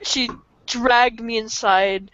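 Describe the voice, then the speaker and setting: A woman's voice: fairly high pitch, fairly even intonation, slow, fairly bright tone, no room sound. A young woman co-hosting a podcast, telling a childhood story in a giggly, self-mocking way with lots of fillers, over a voice call. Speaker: podcast co-host. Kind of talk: casual storytelling chat on a voice call. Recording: dull lo-fi call audio, dry.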